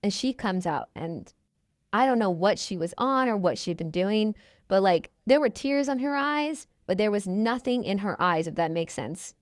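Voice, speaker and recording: A woman's voice: mid-range voice, expressive, moderate pace, no room sound, studio quality. A woman in her twenties, a podcast guest telling her story in a casual, chatty way and acting out the people she quotes. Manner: chatty, quotes people in their own voices.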